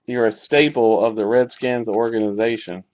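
A man opening trading card packs live and calling out each pull, reacting with excitement. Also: fairly low pitch, normal speed. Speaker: card breaker. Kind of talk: live card break commentary. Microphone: webcam mic. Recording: dull lo-fi webcam audio.

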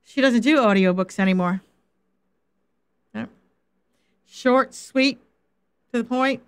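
Her voice high, slow, and smooth, this faith coach and Bible teacher delivers a relaxed, stream-style Bible lesson. She stays animated and laughs freely, bringing in small dramatized quotes to underline what she's saying.

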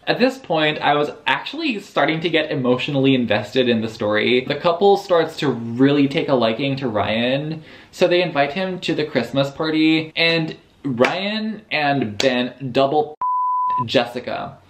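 A man's voice: fairly high pitch, measured pace. A young man recapping a book for his vlog, casual and sarcastic, swearing freely and slipping into mock voices. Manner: animated, profane, sarcastic retelling with mock character voices. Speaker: book reviewer.

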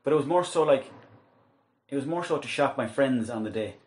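A man's voice: mid-range voice, animated, darkish tone. An Irish man chatting as a podcast guest, rambling and interrupting himself with restarts. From Ireland. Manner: quick, rambling, self-interrupting. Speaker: podcast guest, actor and comedian. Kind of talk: casual chat.

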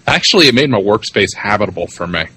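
A man co-hosting a podcast in loose, rambling conversation, his pitch rising and falling in a lively way. He laughs often and swears casually. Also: fast, noisy background. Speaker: podcast co-host. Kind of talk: casual chat.

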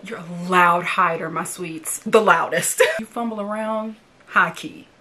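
A woman's voice: on the low side, unhurried, bright, forceful tone. A woman reacting to a horror movie she is watching for the first time, talking back at the characters on screen and swearing freely.

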